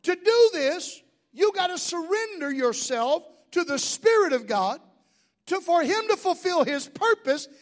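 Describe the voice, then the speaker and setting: High-voiced folksy preaching man. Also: very animated, unhurried. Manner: folksy preaching with jokes and crowd questions. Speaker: pastor. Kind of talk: sermon.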